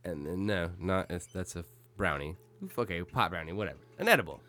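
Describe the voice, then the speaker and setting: A man's voice: low voice, expressive, fairly quick, bright, forceful tone. Laid-back rambling podcast host man. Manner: rambling, laughing storyteller, swears freely. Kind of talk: casual chat.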